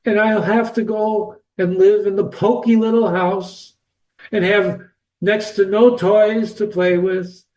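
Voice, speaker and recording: A man's voice: high voice, fairly even intonation, takes it slowly, darkish tone, roomy sound, far from the mic. A man voicing a confused, tearful young girl from a storybook, in a raised, pleading reading voice. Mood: fretful.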